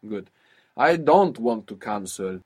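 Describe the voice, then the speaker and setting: Guy teaching a language, husky voice, patient, keeps asking how you'd say it. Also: fairly low pitch, animated, slow pace, a little mellow. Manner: patient, prompting and explaining. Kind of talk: spoken language lesson.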